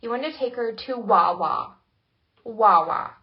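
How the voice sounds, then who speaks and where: A young woman co-hosting a podcast, telling a story with lively voiced-out quotes and frequent laughter. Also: on the high side, a little slow. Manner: animated storytelling, acting out quotes, laughing often. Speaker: podcast co-host. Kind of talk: casual chat. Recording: dull lo-fi recording.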